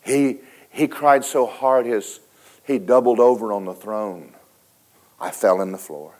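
Man, preacher, low voice, dramatic storytelling sermon, loud then hushed. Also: measured pace. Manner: folksy, speaks to the congregation directly.

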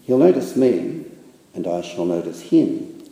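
A man reading a calm, matter-of-fact bear. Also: sits low, unhurried, vocal fry, exaggerated voice. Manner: cool, plain, matter-of-fact. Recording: echoey hall with long reverb.

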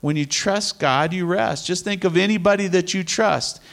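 A man's voice: high-pitched, normal speed, vocal fry, a bit bright. A middle-aged man teaching from the Bible in an earnest, conversational way, repeating his key phrases. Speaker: preacher.

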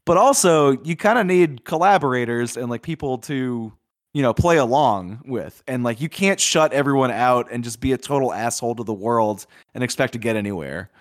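A man's voice: medium pitch, expressive, normal speed, dry recording, studio quality. A man co-hosting a podcast, reviewing films in a loose, chatty way with lots of filler words. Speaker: podcast co-host. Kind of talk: casual film review chat.

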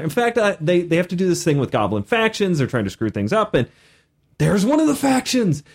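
A man with a high voice tells game stories in casual podcast chat. His pitch swoops all over as he acts out his players in an animated way. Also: brisk, vocal fry. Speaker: podcast host and game master.

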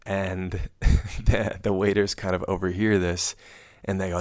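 A man's voice: sits low, little pitch movement, normal speed, darkish tone. A young man casually recounting a travel mishap, rambling and self-mocking, often laughing as he tells it. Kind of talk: casual storytelling to camera.

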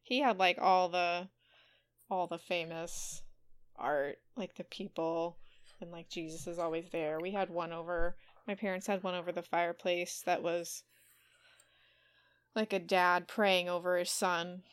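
Chatty female podcast co-host, unhurried delivery, quick to laugh. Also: lowish voice, steady tone, smooth. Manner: laughs often, chatty with many "like" fillers. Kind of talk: casual chat.

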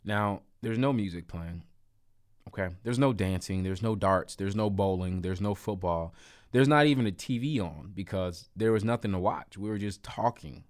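A man's voice: lowish voice, normal speed, no room sound, studio quality. A man casually telling a personal story to camera, emphatic and repeating points for effect. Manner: animated, emphatic, repetitive asides. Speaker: storyteller vlogger.

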